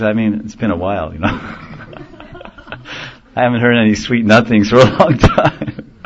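A man teaching a devotional sermon in a gentle storytelling manner, chuckling now and then at his own jokes. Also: lowish voice, slight background noise. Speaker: spiritual teacher. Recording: dull lo-fi recording.

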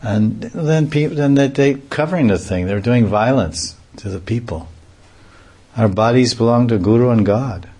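A man's voice: mid-range voice, moderate pace, mellow. A man giving a devotional talk, telling humorous anecdotes and often chuckling. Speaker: devotional preacher. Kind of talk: lecture with acted anecdotes.

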